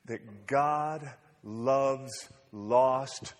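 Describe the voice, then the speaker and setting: A man's voice: mid-range voice, extremely slow. A man preaching in an earnest, conversational way, often restarting his sentences, in a church hall. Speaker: pastor. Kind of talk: sermon. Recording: echoey hall.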